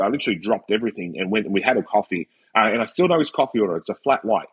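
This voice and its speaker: A man's voice: fairly low pitch, rapid-fire, slightly rough. A man, a wrestler and commentator, telling a story in casual podcast chat, acting out the people he quotes and leaning on "like". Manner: animated storyteller acting out quoted dialogue, frequent "like".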